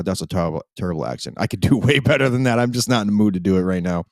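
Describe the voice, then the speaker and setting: A man's voice: low voice, lively intonation, rapid-fire, few pauses, no room sound. A man hosting a live podcast, rambling and emphatic, with frequent restarts. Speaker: podcast host.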